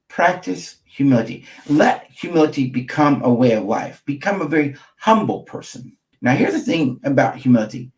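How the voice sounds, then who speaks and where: A man's voice: mid-range voice, darkish tone. A middle-aged man, a marriage therapist, gives an emphatic teaching talk to camera, repeating key phrases and checking in with his listeners.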